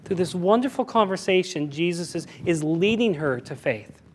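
Male preacher, high-pitched, animated and emphatic sermon delivery with frequent restarts. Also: normal speed. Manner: animated, emphatic, repeats himself with "I mean". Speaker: pastor.

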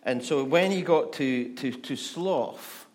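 A man preaching a relaxed, joking sermon at an unhurried pace, often stammering over words before pressing on. His voice sits at an ordinary male pitch. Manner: conversational, humorous, with stammered restarts. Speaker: pastor.

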